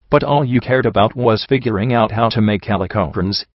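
Man audiobook narrator, low voice, steady, dry dull lo-fi recording. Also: moderate pace, no room sound. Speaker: audiobook reader. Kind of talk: first-person story narration.

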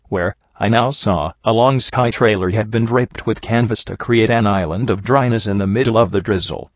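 Low-voiced man reading a story, dry and dull. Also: no echo. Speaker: audiobook reader. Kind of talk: fan fiction audiobook narration.

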